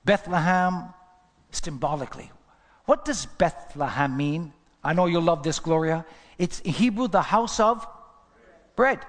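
A man's voice: on the high side, measured pace, pauses often. A man preaching a sermon in a church, asking the congregation question after question. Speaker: pastor. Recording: long hall reverb.

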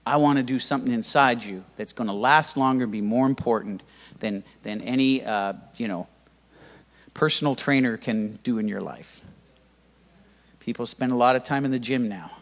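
An older man preaching a sermon as pastor, lively and humorous, with sudden loud rises. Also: medium pitch, moderate pace. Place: church hall. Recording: church hall reverb.

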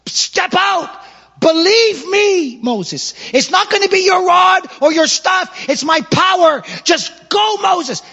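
A man preaching and voicing God as he urges Moses forward, loud and pleading with repeated commands. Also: very high voice, expressive, slow pace, creaky, voice pushed up, exaggerated voice. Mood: urging. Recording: muffled hall with long reverb.

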